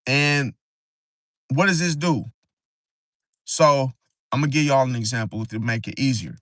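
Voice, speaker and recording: Halting rambling man, dry close sound. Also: mid-range voice, a bit bright, no room sound. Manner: rambling, halting, frequent "see?" tag. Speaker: astrology channel host. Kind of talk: casual livestream talk.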